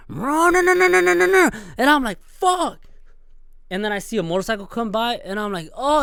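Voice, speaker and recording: A young man hosting a podcast, ranting in an animated, profane way and acting out scenes with sudden loud outbursts. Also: on the high side, clean tone, no room sound, clean studio sound. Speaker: podcast host. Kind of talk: profane solo rant.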